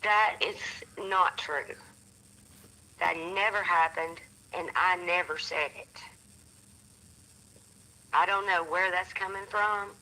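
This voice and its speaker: A woman calls in over the phone and speaks in a firm, measured way. Her delivery is slow and deliberate. Her tone is bright and sharp. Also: on the low side, low-quality recording. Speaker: caller. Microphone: phone call.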